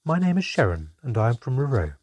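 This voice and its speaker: A man's voice: mid-range voice, sing-song, darkish tone, breathy edge, no room sound. A man voicing a polite, anxious goblin mother in a storybook reading. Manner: polite, hurried.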